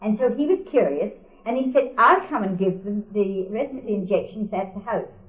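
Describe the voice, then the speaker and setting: A woman's voice: mid-range voice, animated, normal speed. An older woman recounting a personal memory for an oral history, wry and often laughing as she quotes others. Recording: tinny, echoey archival tape.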